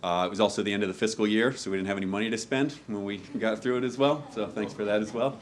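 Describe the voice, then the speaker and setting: Joking fire lieutenant, low voice, halting. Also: male voice, fairly even intonation, a little hiss or hum. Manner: joking, candid, halting with fillers. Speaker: fire lieutenant giving a speech. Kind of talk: informal ceremony speech. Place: hall at a ceremony before an audience.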